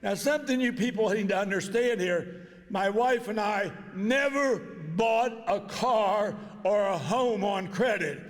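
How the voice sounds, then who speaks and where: A man's voice: sits high, a little slow, big-room sound. An older man, telling a story in a plain-spoken, folksy way as he gives a speech at an awards dinner. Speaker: inductee giving a speech. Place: banquet hall.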